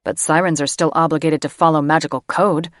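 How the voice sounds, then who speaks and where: A woman narrator voicing a protective young male mage who speaks low, soothing and earnest in an audiobook. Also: steady tone, brisk, no room sound, studio quality, natural voice. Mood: tender, earnest. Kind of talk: audiobook character reading.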